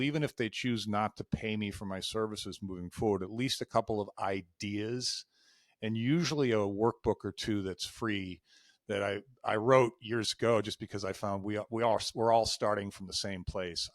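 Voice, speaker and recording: Speaking on the low side, a coach in his fifties tells stories as a podcast guest; he works in life and executive coaching. The sound is clean studio audio with no echo. He is candid and emotional, performing the dialogue of past conversations.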